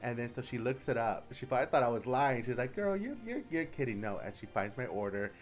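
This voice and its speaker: Young drag queen dude spilling the tea, sassy, big squeaky jumps, mid pitch. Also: a little fast, soft background music. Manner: sassy, animated, says "honey" constantly, jumps into high voices for quotes. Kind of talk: casual chatty vlog storytelling.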